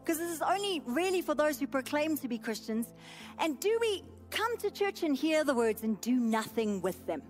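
Woman pastor, high voice, emphatic repeating sermon cadence, soft music underneath. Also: big pitch swings, moderate pace. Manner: emphatic, repetitive preaching cadence.

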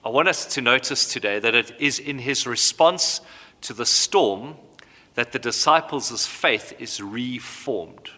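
A man in his thirties, a pastor preaching a sermon with animated storytelling. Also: medium pitch, measured pace. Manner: animated storytelling, acts out voices. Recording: hall reverb.

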